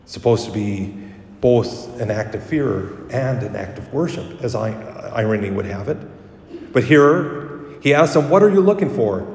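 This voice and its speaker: A priest speaks a little slowly in a fairly low voice, giving a homily in an easy, conversational way, amending his words and perking up when he quotes people. The distant recording in the echoey church carries slight background noise.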